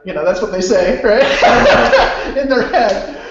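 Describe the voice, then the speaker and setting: A man with a high voice pitches a course in a loose, rambling way, restarting sentences and laughing a lot. His voice rings around a very echoey room, and the sound is dull and lo-fi. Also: expressive, a little slow, heavy background noise. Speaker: host of an online sales webinar.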